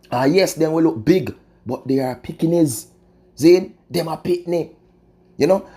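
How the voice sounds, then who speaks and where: Jamaican man, patois commentary, very dark mellow tone, emphatic, rhetorical asides. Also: fairly low pitch. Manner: emphatic, preachy, peppers talk with rhetorical asides. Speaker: vlogger.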